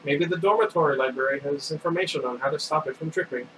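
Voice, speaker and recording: A man's voice: on the high side, quick pace, background noise, close to an everyday voice. A bookish, thoughtful teenage boy, as a man reading aloud plays him, talking in a sensible, slightly raised voice. The mic sits far off and an air conditioner hums steadily behind. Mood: hopeful.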